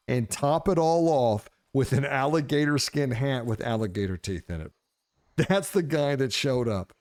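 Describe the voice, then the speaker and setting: Animated, swearing male storyteller. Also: mid-range voice. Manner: animated, profane, laughs while telling. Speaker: gaming streamer. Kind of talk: casual storytelling.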